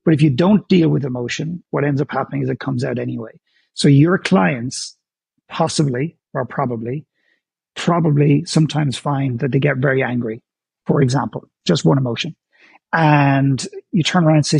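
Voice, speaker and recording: A man's voice: on the high side, fairly quick, creaky, darkish tone, slightly rough, no echo. A man who is a guest on an interview show, talking candidly in a blunt, emphatic way and often stammering as he restarts his sentences. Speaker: guest, author and speaker.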